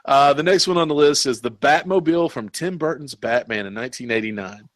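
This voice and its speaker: A man's voice: mid-range voice, a little fast, dry recording. A man hosting a casual podcast chat, rambling and laughing often. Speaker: podcast host.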